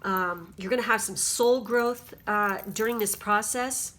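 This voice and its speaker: A woman talks through a pick-a-card tarot reading in a loose, rambling way. She keeps checking in with her listeners as she goes, at an everyday mid pitch. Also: measured pace, fairly bright tone. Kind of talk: casual spiritual card reading.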